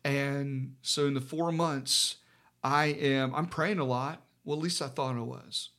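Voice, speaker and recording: A man's voice: medium pitch, steady tone, a little slow, a bit bright. Middle-aged man, pastor, casual conversational storytelling, many restarts and fillers, mid-range voice.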